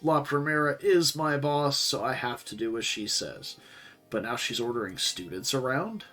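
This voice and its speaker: A man voicing a tired office-worker character, reading game dialogue in a flat, dry, low-key way. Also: moderate pace, soft background music, natural voice. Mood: weary.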